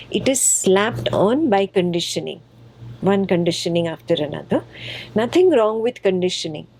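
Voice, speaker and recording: A woman's voice: medium pitch, a little mellow, low-quality recording. A woman teaching a spiritual text to her students. She is patient and playful and repeats phrases for emphasis.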